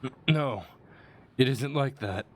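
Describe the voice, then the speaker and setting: A man's voice: medium pitch, slow pace, slight background noise, pitched above the performer's own voice, lightly acted. A man voicing a frightened young street kid who stammers nervously.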